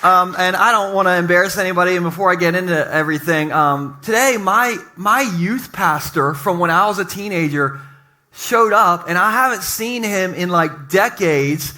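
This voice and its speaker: High, bright-voiced joking pastor. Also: male voice, moderate pace. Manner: energetic, joking, talks to the congregation. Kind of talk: lively sermon opening. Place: church basement with congregation.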